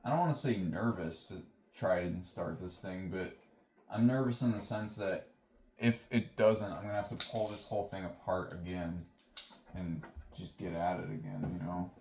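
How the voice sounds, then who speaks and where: A man's voice: sits low, moderate pace, a little mellow. Rambling young man muttering in an echoey garage. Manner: rambling, self-deprecating, mutters to himself. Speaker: vlogger. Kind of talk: casual self-talk while repairing. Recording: echoey room with faint noise.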